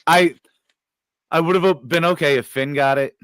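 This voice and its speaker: A man guesting on a podcast, giving energetic opinions in casual chat. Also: a little high, moderate pace, smooth, dry recording.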